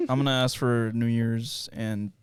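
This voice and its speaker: A man's voice: medium pitch, fairly even intonation, takes it slowly, smooth. A man co-hosting a podcast, chatting casually with friends, joking, swearing freely and laughing often. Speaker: podcast co-host. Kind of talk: casual chat among friends.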